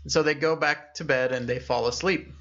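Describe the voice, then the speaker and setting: A young man co-hosting a podcast, casually retelling a scary story and voicing its characters with lively shifts in pitch. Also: fairly quick, lo-fi sound. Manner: animated storyteller, acts out characters with raised pitch. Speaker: podcast co-host.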